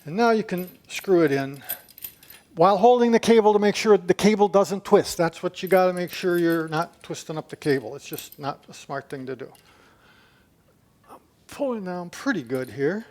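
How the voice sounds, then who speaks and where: Doing a hands-on repair in his home gym, this DIY video maker chats and talks to himself throughout. His voice is high and expressive with a darkish tone, and he speaks at a normal speed.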